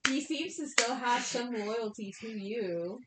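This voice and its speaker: Wary adventurer woman, slow and bright-voiced, echoey room with faint rumble, as a player voices her. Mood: probing. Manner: slow, drawn-out.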